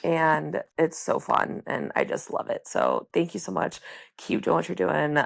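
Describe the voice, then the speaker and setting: A hoarse woman in her late twenties, sick and leaving a voice message, gushing about how excited she is. Her voice sits low and gravelly with a breathy, husky edge, but it still swings up and down with lively energy. The recording is close and dry. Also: measured pace, no room sound.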